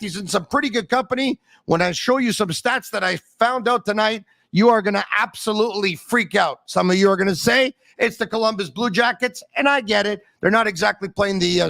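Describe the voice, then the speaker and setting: High, gravelly sports host. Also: male voice, fairly bright tone, no room sound. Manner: emphatic, dramatic build-ups and quick asides. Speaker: podcast host. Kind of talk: sports talk podcast with live ad reads.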